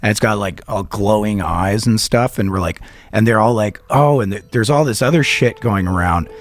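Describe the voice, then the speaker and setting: A man co-hosting a comedy podcast, telling a story in a rambling, animated way and swearing a lot. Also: on the low side, normal speed, dry recording. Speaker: podcast co-host.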